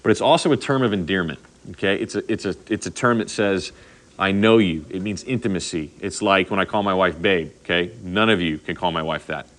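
A middle-aged pastor delivers a sermon in a bright, forceful voice that sits a little low. He talks casually, tells a personal story, and keeps asking his listeners "okay?". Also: brisk. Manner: conversational, animated storytelling with frequent "okay?" asides.

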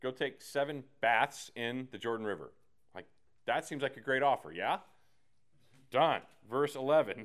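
A man leading a casual Bible study, animated and slangy, acting out the characters as he teaches. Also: mid-range voice, moderate pace. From United States.

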